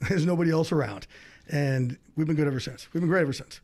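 A middle-aged man, a sports insider, telling a story as a podcast guest with fast, excitable delivery, acting out the other people in it. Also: on the high side. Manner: fast, excitable, acts out quoted voices. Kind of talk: animated storytelling.

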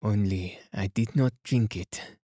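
A man reading aloud as a fastidious elderly detective, speaking gently and gravely. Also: fairly low pitch, no room sound, clean studio sound. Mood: placid. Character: fastidious elderly male detective, calm and placid.

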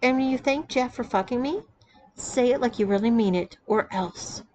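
A woman reading the lines of a stern, mocking dominant wife who gives measured orders. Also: a little high, darkish tone, slight background noise, close to an everyday voice, poor audio.

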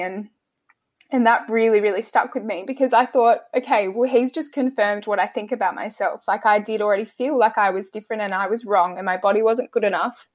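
Soft-spoken young woman. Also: medium pitch, fairly even intonation. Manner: halting, soft-spoken, often restarting sentences. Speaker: interview guest. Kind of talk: emotional personal interview.

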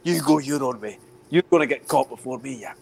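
A man's voice: mid-range voice, a little fast, gravelly, a little mellow, husky. A Scottish man, a podcast host, in sweary, laughing, teasing casual banter. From Scotland. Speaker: podcast host, former footballer.

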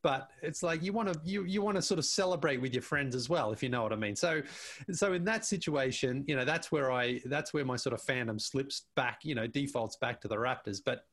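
A man speaking as a guest on a talk show, chatting in an easygoing way at a mid-range pitch. He tells his stories with animation, often stumbling, restarting and repeating words as he goes. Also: brisk, fairly bright tone. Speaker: basketball show panelist as guest. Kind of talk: casual interview chat.

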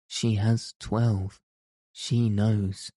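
A man's voice: on the low side, level tone, extremely slow, mellow, no echo, studio quality. A man voicing a timid, lonely little girl in an audiobook, with hesitant, stammering pleas. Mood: timid pleading. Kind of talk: audiobook character reading.

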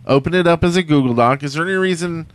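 A man's voice: on the high side, fast, no room sound. A man co-hosting a gaming podcast, explaining plans in loose, rambling casual chat. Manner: rambling, full of fillers and restarts. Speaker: podcast co-host.

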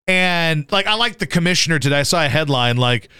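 A man hosting a radio show, chatting casually about sports in a profane, animated way and jumping into high yelps to mimic people. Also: fairly quick, hardly any pauses, clear, resonant tone, no room sound, studio quality. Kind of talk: casual sports talk banter.

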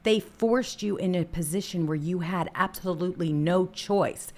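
A woman's voice: lowish voice, normal speed. A woman hosting a casual talk show, indignant and emphatic.

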